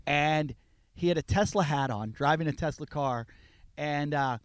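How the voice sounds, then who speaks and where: On a podcast, a male guest tells a story casually and animatedly, acting out the people in it. His voice is a little high and unhurried, and the recording is dry.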